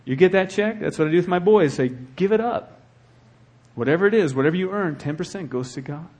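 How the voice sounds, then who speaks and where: A man preaching a sermon as the church's pastor, swinging between hushed, earnest talk and loud, fervent exhortation. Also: fairly high pitch, quick pace, slightly rough.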